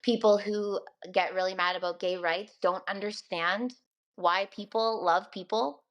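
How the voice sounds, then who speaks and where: A woman's voice: mid-range voice, fairly even intonation, a little slow, a bit bright, dull audio. A young woman, a radio host, talking casually and earnestly on a podcast. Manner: chatty, earnest, laughs often.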